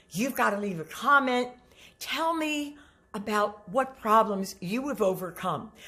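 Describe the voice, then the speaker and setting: A woman's voice: fairly high pitch, fairly bright tone. A middle-aged woman singing teacher giving a motivational talk to camera, earnest and coaching, often repeating herself.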